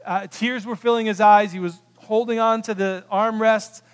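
A man preaching a sermon, telling a story with animated quoted voices, swinging from loud bursts to hushed, quiet moments. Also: high voice, normal speed, clear, resonant tone. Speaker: pastor. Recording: long hall reverb.

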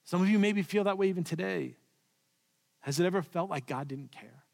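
A man preaching a sermon in a church, telling the story with swings from loud to hushed. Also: sits high, brisk, creaky. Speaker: pastor. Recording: long reverb of a large hall.

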